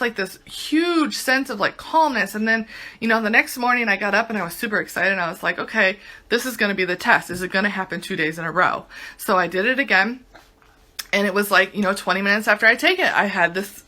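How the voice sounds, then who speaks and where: A woman's voice: medium pitch, sharp tone. A young woman giving a casual home testimonial, chatty and full of "like". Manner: chatty, says "like" constantly. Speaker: product reviewer.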